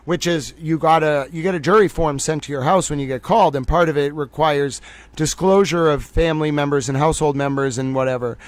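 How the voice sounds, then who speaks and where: A man with a voice on the high side hosts a casual livestream covering a court case, rambling, chatting, and joking about himself. The recording has no echo.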